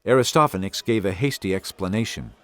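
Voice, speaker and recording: A man narrating a children's audiobook in an expressive, dramatic manner. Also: lowish voice, fairly quick. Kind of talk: scripted storybook narration.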